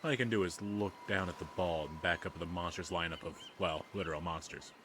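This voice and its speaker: A man's voice: sits low, quick pace, background noise. A man reading a dating game's text aloud and adding wry, self-deprecating comments. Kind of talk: let's play reading and commentary. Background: game music.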